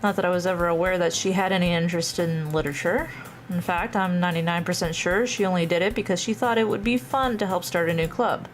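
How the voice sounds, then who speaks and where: A woman's voice: fairly low pitch, quick pace, faint music behind. A young adult woman streaming live, chatting with her viewers and reading a visual novel aloud, laughing often.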